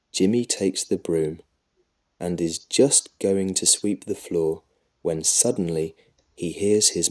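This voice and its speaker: A man with a very low, dark voice reads a children's story aloud. He paces it slowly and calmly, with an even, measured delivery. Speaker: narrator. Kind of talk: audiobook story reading for children.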